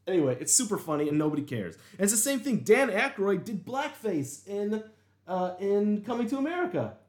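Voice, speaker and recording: A man hosting a casual chat, telling stories in a rambling, animated way. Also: sits high, a little fast. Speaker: podcast host. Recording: echoey room.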